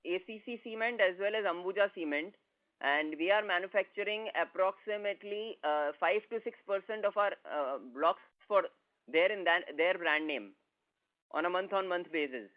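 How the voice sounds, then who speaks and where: A man, a company executive giving steady, detailed answers on an earnings call. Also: high-pitched, moderate pace. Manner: steady, explanatory, with fillers. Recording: phone-like conference line.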